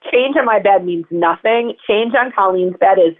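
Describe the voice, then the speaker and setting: Over a tinny phone line, a woman guest on an interview tells personal stories in a chatty, rambling manner full of fillers. Her mid-range voice moves at a normal speed.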